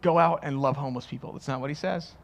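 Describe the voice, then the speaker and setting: A man's voice: medium pitch, fast talker, creaky. A man preaching a sermon as pastor, conversational and joking, acting out quoted voices. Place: church.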